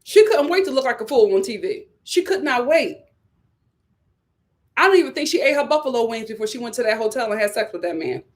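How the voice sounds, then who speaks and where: Woman, live-stream reality-tv commentary, fairly high voice, swings from loud outbursts to low mutters. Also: fairly quick. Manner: animated, repeats lines for emphasis, swings between loud outbursts and low mutters. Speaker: YouTube reality-TV reviewer.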